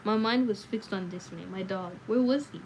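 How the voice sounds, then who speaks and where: A woman reads a novel aloud on a livestream, her voice a little sore, stopping now and then to react casually to the story. Her pitch sits in the middle, and a faint hiss runs underneath. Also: normal speed, a little mellow, rough recording. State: slightly sore voice. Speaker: livestream book reader. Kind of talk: reading a novel aloud with chatty asides.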